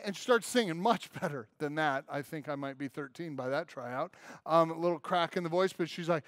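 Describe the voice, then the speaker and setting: A man's voice: fairly high pitch, brisk, no echo, studio quality. A man pastor preaching a conversational, humorous sermon with strong emphasis. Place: church.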